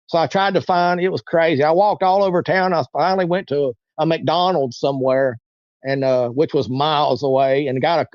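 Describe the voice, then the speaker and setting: A slightly high-voiced man, recorded dry and muffled, tells a long personal story as a casual interview guest. He rambles and repeats himself, imitating the voices of those he quotes.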